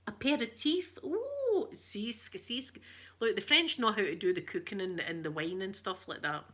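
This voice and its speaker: A woman's voice: medium pitch, very animated, normal speed, fairly bright tone. A woman from Glasgow with a Glaswegian Scottish accent, chatting casually with her viewers as an ASMR channel host, rambling, laughing often and teasing herself. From Glasgow, Scotland. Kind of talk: casual live chat with viewers.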